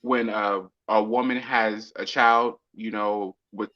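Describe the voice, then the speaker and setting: A man's voice: fairly low pitch, level tone, slow pace, sharp tone. A man in casual chat, adding short reactions and telling stories from his own past, with some hesitations. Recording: dull lo-fi sound.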